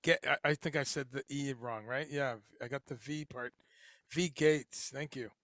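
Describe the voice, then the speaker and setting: A man's voice: medium pitch, fairly even intonation, normal speed, pushed and bright, no echo, clean studio sound. A man hosting a casual livestream chat, talking in a rambling way with lots of fillers and restarts. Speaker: livestream host. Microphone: headphones and home streaming setup.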